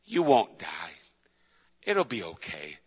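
A man voicing a deceitful, smooth-talking serpent in a sermon retelling, coaxing and wheedling. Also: sits low, huge pitch swings, slow, voice pushed down, heavily acted. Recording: dull lo-fi with long hall reverb.

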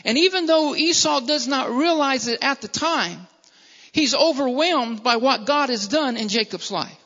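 High bright-voiced preacher in a big reverberant hall. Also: expressive. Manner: emphatic, repetitive preaching cadence; slows and stresses key phrases. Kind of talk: sermon. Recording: long reverb, dull lo-fi sound.

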